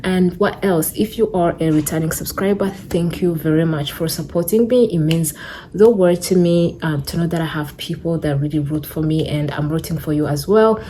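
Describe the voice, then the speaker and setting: Doing her makeup at home, a young woman rambles to the camera in front of her, slightly breathless and using fillers. Her voice sits low and sounds mellow at a normal speed, with slight background noise in this sit-down indoor video.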